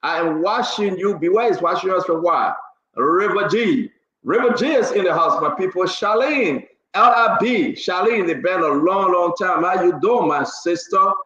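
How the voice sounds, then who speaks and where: A man's voice: sits high, normal speed, echoey room, dull audio. A man, hosting a live show and teasingly greeting viewers by name. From Liberia. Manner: teasing, lively shout-outs. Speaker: show host.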